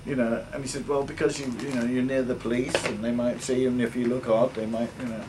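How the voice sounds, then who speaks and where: A man's voice: medium pitch, fast talker. Older English man, story-telling guest, acts out voices, recorded from a distance, noisy background. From England. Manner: animated, acts out voices in his stories. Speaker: guest musician. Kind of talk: anecdotal storytelling. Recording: distant mic with noisy ambience.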